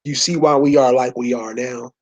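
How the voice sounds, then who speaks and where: A man's voice: medium pitch, steady tone, moderate pace, a little mellow, muffled recording. Male lecturer, mid-range voice, preachy and slangy, addresses listeners with constant rhetorical questions. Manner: talks to the audience in loose slangy speech. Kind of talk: informal lecture pointing at a map.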